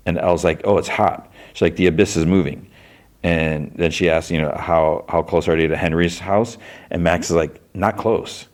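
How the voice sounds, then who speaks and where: A man hosting a podcast, recapping a TV episode in a casual, rambling way, full of fillers and restarts, acting out the characters' lines. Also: deep voice. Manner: rambling, many fillers and restarts, acts out quotes.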